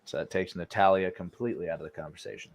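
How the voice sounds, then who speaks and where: A man's voice: low voice, fast. A young man hosting a casual online show, thinking aloud through a guessing game and swearing freely. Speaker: host playing a wrestling guessing game. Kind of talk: casual chat.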